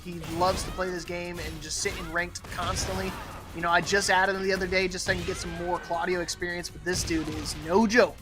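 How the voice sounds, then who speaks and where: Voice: mid-range voice, flat delivery, fairly quick, music in the background. A commentator giving casual, jokey play-by-play of a fighting game tournament. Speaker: esports commentator.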